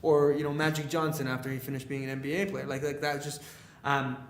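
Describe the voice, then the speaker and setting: A young Canadian man, a leadership speaker, telling stories in a casual podcast interview. He talks in an animated way, acts out quoted dialogue and uses many fillers. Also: mid-range voice, fast talker, roomy sound.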